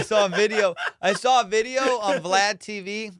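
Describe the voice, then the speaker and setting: Profane, animated comedian host. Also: male voice, high voice, normal speed, no echo, clean studio sound. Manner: profane, animated storytelling, laughs often. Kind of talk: casual chat.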